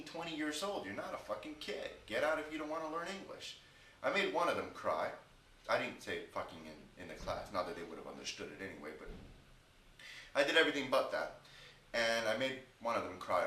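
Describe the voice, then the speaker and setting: A man's voice: fairly low pitch, pushed and bright, distant mic, slight background noise. Chatty man vlogging in an echoey room. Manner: chatty, rambling, frustrated rant. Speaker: English teacher vlogger. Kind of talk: casual vlog. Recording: echoey room, off-mic at times.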